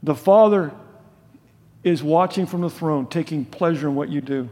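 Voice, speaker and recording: Older preacher with a high voice, hall reverb. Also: male voice, moderate pace. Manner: conversational preaching, asks the congregation questions; swings from loud emphasis to soft low asides. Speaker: pastor. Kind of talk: sermon.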